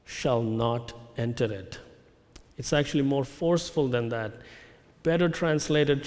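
A man preaching a sermon, measured and emphatic, slowing down to stress key phrases. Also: mid-range voice, darkish tone, big-room sound. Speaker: pastor. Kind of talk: expository sermon.

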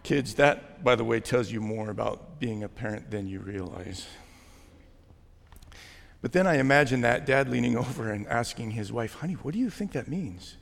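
Gravelly-voiced pastor preaching in a hall. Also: male voice, medium pitch, moderate pace. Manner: conversational, gently joking preaching. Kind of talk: sermon. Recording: long hall reverb.

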